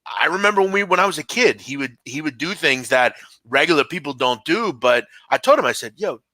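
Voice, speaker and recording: A man's voice: on the high side, animated, a little fast, sharp tone, no room sound. A man hosting a casual sports betting show, talking loosely with lots of fillers.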